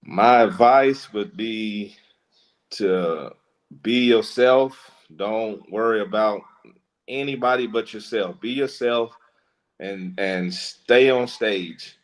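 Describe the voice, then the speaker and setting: A man, a stand-up comedian, talking as a guest in a casual interview, relaxed and joking. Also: lowish voice, takes it slowly, poor audio.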